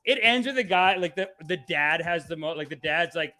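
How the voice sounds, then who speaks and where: Comedy podcast host, man, lively rambling slangy delivery, bright tone. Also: a little high, fairly quick, soft background music. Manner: animated, rambling, slangy, often laughing. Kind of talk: casual comedy livestream chat.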